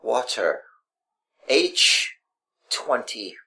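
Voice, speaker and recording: A man's voice: mid-range voice, sing-song, very slow, vocal fry, sharp tone. A man co-hosting a podcast, speaking in a pompous, mock-regal formal way. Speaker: podcast co-host. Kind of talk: casual podcast chat.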